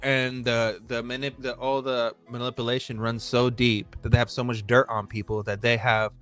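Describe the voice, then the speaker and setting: A man's voice: medium pitch, flat delivery, moderate pace, fairly bright tone, faint music behind. A man co-hosting a casual chat, heated and rambling, swearing often as he presses his points. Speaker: podcast co-host.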